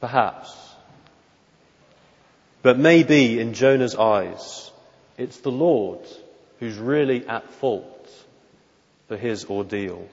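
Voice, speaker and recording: A man preaching an expository sermon in church, measured and emphatic, often asking rhetorical questions. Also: medium pitch, lively intonation, creaky. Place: church during a worship service. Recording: dull lo-fi recording with long hall reverb.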